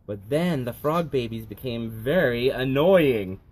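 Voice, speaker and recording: Animated middle-aged man reading a storybook. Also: mid-range voice, unhurried. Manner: animated, sing-song, kid-friendly. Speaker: library story time host. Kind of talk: reading a picture book aloud to children.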